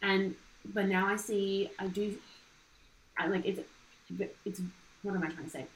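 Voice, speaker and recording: A young Australian woman talking thoughtfully in a podcast chat, pausing to find her words. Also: mid-range voice, steady tone. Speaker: podcast guest. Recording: roomy with faint noise.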